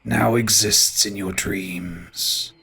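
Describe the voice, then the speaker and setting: A man doing a slow, solemn ancient tree spirit. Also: fairly low pitch, fairly even intonation, vocal fry, bright, forceful tone, husky, exaggerated voice. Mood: grave. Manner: slow, measured, solemn delivery.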